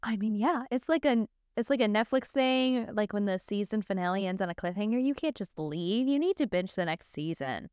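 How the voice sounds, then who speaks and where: A young adult woman co-hosting a podcast, reacting with quick playful jokes in casual chat. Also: medium pitch, animated, darkish tone, clear, resonant tone, no echo, clean studio sound. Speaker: podcast co-host.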